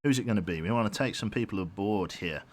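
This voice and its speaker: A man's voice: fairly low pitch, fast, slight background noise. A man streaming a submarine game live, rambling on and humming to himself as he picks his crew and reads out chat. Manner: rambling, hums while thinking, reads chat aloud. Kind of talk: live gameplay commentary.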